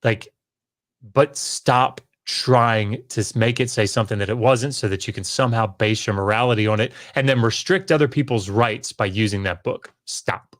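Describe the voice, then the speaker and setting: A man's voice: on the low side, normal speed, a bit bright. A man co-hosting a podcast, venting his frustration in an emphatic, exasperated way, with sighs and repeated words. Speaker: podcast co-host. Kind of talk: heated casual discussion.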